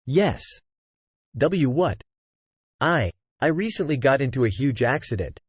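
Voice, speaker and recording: A synthetic male narrator voicing a hesitant, sly young man who stammers and speaks haltingly. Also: mid-range voice, sing-song, slightly rough, no echo.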